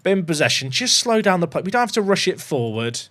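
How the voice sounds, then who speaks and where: A young man talks through a football management game in a chatty, jokey way. His voice sits high and swings widely in pitch. He breaks into loud excited shouting. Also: fairly quick. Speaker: gaming YouTuber.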